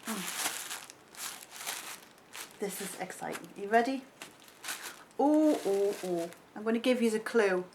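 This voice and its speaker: Woman in her 30s gushing over makeup palettes, chatty and excitable, talking right to the viewer. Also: medium pitch, takes it slowly, pauses often, background noise. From North East England. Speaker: beauty vlogger. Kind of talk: casual unboxing chat.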